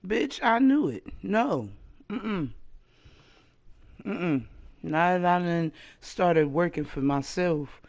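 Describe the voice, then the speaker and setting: A woman in her late thirties venting straight to the camera in a blunt, profane, sassy rant. Her voice is gravelly and she talks at an unhurried pace, now and then bursting out loud. The sound is close and dry. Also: fairly low pitch, lively intonation, dry recording. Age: 30s. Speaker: vlogger.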